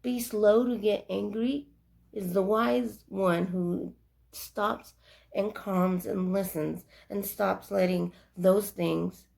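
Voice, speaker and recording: A woman's voice: mid-range voice, steady tone, takes it slowly, gravelly, darkish tone. A young adult woman giving earnest, rambling life advice in a casual monologue. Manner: earnest, preachy, rambling with restarts.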